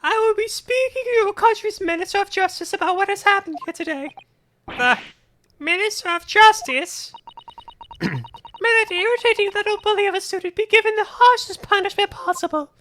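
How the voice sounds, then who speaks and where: A woman voicing a haughty, prim English gentlewoman witness in a fan voice-over of a game, with mock-refined, condescending politeness. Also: very high-pitched, moderate pace, slight background noise. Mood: indignant.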